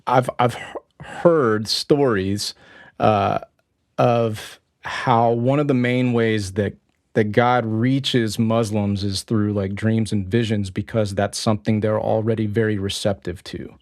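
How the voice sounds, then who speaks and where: A man hosting a podcast interview, answering with brief affirmations and asking halting questions full of fillers. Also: lowish voice, fairly even intonation, no echo, studio quality. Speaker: podcast host. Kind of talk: interview host.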